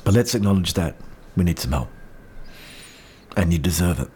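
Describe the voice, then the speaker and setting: Middle-aged Kiwi man, heartfelt and encouraging, very low voice, recorded outdoors. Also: animated, normal speed, darkish tone. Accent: New Zealand. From New Zealand. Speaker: podcast host sharing personal experience. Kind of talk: reflective personal monologue. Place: outdoors in wind. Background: faint wind.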